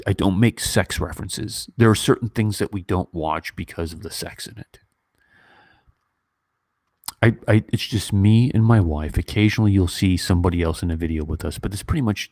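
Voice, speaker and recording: A man in his fifties talks casually on a livestream, his voice sitting a little low and his nose stuffy from earlier crying. He wanders from thought to thought with plenty of ums and restarts. The sound is dry and close, with almost no room around it. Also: gravelly, darkish tone, husky, no room sound. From United States. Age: 50s. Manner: rambling, emotional, many fillers and restarts. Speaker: YouTube movie reviewer.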